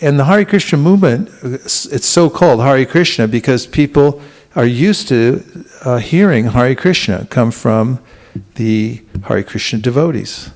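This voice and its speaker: A man gives a spiritual talk to a congregation in a temple, his pitch sitting in the middle range. He speaks gently and unhurriedly, pausing and restarting as he goes. He often turns to his listeners with questions and invites them to repeat after him. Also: animated. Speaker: spiritual teacher. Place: temple hall.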